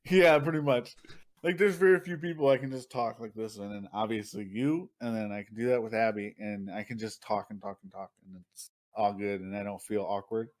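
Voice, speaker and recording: A man's voice: on the low side, fairly quick. A young man co-hosting a podcast, telling stories in casual chat, laughing often and swearing freely. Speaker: podcast co-host.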